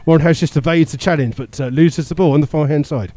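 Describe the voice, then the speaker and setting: A man's voice: a little high, fast, dark tone, no room sound. A man giving live radio commentary on a football match, rattling off play-by-play with the odd filler and chuckle. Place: stadium commentary position.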